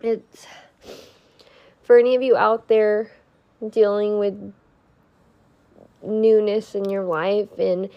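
Slow, earnest young woman with a stuffy nose. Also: mid-range voice, steady tone, clear, resonant tone, muffled recording. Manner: earnest, heartfelt, swears for emphasis. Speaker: vlogger. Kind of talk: spiritual pep talk to viewers.

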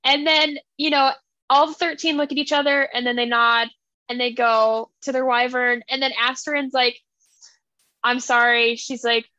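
A woman's voice: sits high, fairly even intonation, normal speed, pushed and bright, no echo, dull audio. A young woman co-hosting a casual book podcast, retelling scenes in a gushing, emotional way with lots of fillers. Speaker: podcast co-host.

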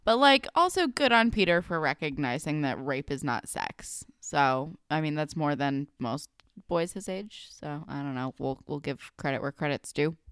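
Low-voiced young woman, candid chat. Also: expressive, moderate pace, a bit bright, clear, resonant tone, dry recording, studio quality. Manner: candid, sympathetic, swears casually. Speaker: podcast co-host. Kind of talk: casual recap chat.

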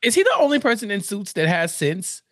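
A man co-hosting a casual TV recap podcast, playful and animated, laughing as he riffs on the plot. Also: sits high, a little fast, dry recording, studio quality. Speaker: podcast co-host.

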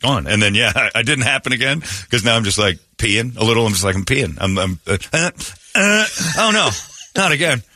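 A man hosting a radio talk show, telling a funny story in an animated way and acting out the voices in it. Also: on the low side, fairly quick, hardly any pauses, no room sound, clean studio sound. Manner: animated, acts out his own crying and other voices.

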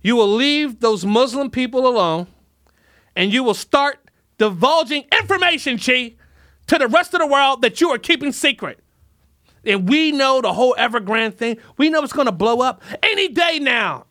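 A man's voice: very high-pitched, lively intonation, normal speed, a bit bright, no room sound, clean studio sound. A man hosting a comedy podcast, ranting in a rambling, profane way and mock-scolding world leaders. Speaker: podcast host.

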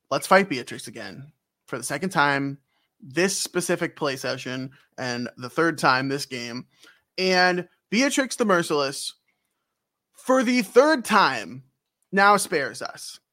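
A man's voice: fairly high pitch, expressive, slow, sharp tone. A man co-hosting a podcast, rambling through a game recap with lots of ums and acted-out scenes. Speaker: podcast co-host. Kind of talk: casual game recap chat.

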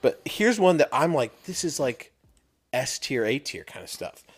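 A man's voice: mid-range voice, sing-song, moderate pace, slightly rough. A man hosting a casual podcast chat, rambling and restarting his sentences often. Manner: rambling, restarts a lot, acts out quoted lines. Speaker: podcast host.

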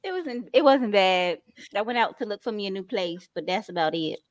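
A woman co-hosting a podcast in casual chat, blunt and joking and quick to laugh. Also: medium pitch, lively intonation, dry recording. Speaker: podcast co-host.

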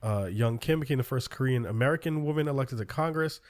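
A man's voice: mid-range voice, fast. Casual man hosting a talk show. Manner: loose, filler-heavy rundown of news. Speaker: podcast host. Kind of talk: casual political chat.

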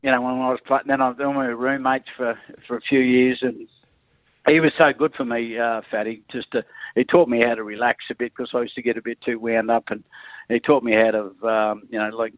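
A man's voice: medium pitch, little pitch movement, fairly quick, no room sound. A middle-aged man with an Australian accent, a former rugby league player, telling rambling stories as a guest and laughing through them while he talks. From Queensland, Australia. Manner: chatty, laughs through his stories, restarts often. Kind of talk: rambling anecdotal chat. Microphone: phone line. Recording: tinny phone line.

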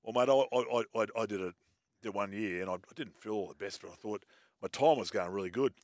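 A man's voice: lowish voice, a little fast, no room sound, clean studio sound. An Australian man, a former player on a sports panel, talking in a casual chat and stumbling through many restarts.

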